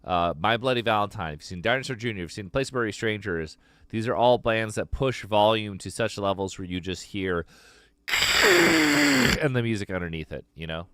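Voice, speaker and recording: A man's voice: lowish voice, brisk, slight background noise. A man hosting a live stream and taking callers, talking in a loose, profane, rambling way. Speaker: host taking live calls. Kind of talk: casual live-stream chat. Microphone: streaming mic.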